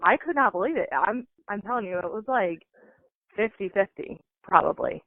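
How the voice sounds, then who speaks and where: A woman's voice: mid-range voice, moderate pace, dry recording. Chatty woman on a tinny phone line. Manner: animated, lots of fillers. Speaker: call-in guest. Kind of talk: casual storytelling.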